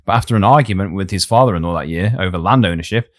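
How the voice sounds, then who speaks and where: A man's voice: low-pitched, fast talker. A man hosting a casual comedy history podcast, reading out his research with frequent laughs and a slightly wheezy cough. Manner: narrates from notes, laughing often. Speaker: podcast host.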